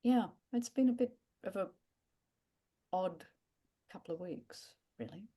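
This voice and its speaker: A woman in a study group sharing softly and hesitantly, searching for the right words. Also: medium pitch, lively intonation, measured pace, breathy edge. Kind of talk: casual sharing in a group call.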